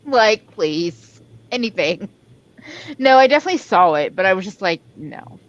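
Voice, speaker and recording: A woman's voice: mid-range voice, lively intonation, normal speed, lo-fi sound. A woman appearing as a guest on a casual livestream chat, teasing the host in a playful way.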